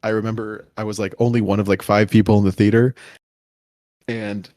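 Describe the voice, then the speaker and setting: A man with a lowish voice telling a story on a podcast, pausing on fillers as he goes. The sound is dry and close, with no room around it. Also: little pitch movement, darkish tone, no echo. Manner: halting storyteller, many fillers. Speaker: podcast co-host. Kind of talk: casual chat.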